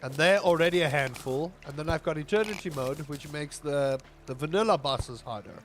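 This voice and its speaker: A man's voice: fairly high pitch, fairly quick, soft background music. A young South African man with a South African accent, chatting casually and rambling on a gaming livestream, now and then exclaiming at mishaps.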